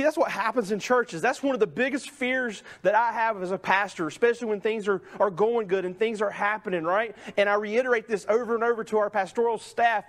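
A man pastor preaching a sermon in a conversational way, often tagging sentences with "right?" and acting out the voices of people in the story. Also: high voice. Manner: conversational preaching, many "right?" tags, acts out quoted voices. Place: church sanctuary.

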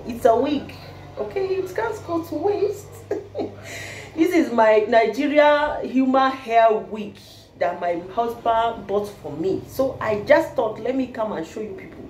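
A woman vlogs to camera in a casual, playful way, laughing often and slipping into Nigerian Pidgin phrases. Her pitch swoops in a lively way. The room is echoey, with a faint hiss behind her. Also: unhurried. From Kenya. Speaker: vlogger. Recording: roomy echo with faint background hiss.

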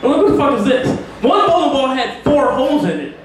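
High-voiced profane man, far off in an echoey pub crowd. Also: big pitch swings, fairly quick, very noisy. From Virginia, US. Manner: brash, profane, laughs at his own jokes. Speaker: stand-up comedian. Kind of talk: open mic stand-up comedy. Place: small pub with a live crowd.

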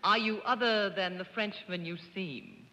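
A woman's voice: medium pitch, unhurried, bright, forceful tone, long reverb tail. A woman on a 1950s television game show panel, asking questions in a teasing, laughing way. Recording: 1950s TV broadcast, dull with clear hiss.

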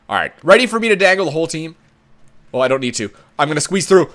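A young man calls his own hockey video game in loose, profane commentary, dropping to a low mutter one moment and shouting the next. His voice is bright and forceful, and it sits a little high for a man. The pitch leaps and falls all over the place as he talks. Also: quick pace. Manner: excitable, cursing, swings from muttering to shouting. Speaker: gaming YouTuber. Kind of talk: casual gameplay commentary.

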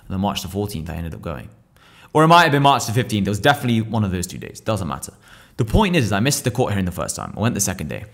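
A young man in his twenties, a podcast guest telling a story in slangy, profane, lively casual talk. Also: lowish voice, very fast, vocal fry. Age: 20s. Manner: profane, slangy, animated retelling.

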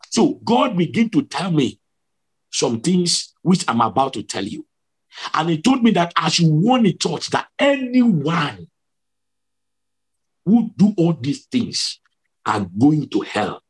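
A man preaching a dramatic testimony, pressing each point by saying it again and again. His voice sits high and leaps around in pitch. It has a husky grain to it. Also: big pitch swings, takes it slowly. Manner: emphatic, repetitive, dramatic storytelling. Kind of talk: sermon testimony.

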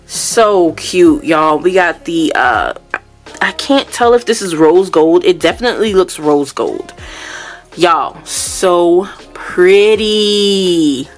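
A woman's voice: on the low side, lively intonation, takes it slowly, soft background music. A woman vlogger unboxing products, gushing and exclaiming as she chats casually to her viewers at home. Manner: gushing, exclamatory, keeps addressing viewers as y'all.

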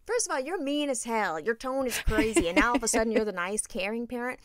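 A woman with a fairly high voice talks fast, recorded with no echo. Co-hosting a podcast, she tells stories in casual chat, swearing freely and animatedly acting out quotes.

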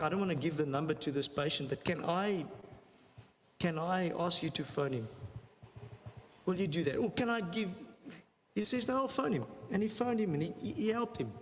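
A man giving a church health talk, telling a story animatedly, repeating phrases for emphasis and acting out the dialogue. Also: on the high side. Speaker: health seminar speaker. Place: church hall. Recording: long hall reverb, faint noise.

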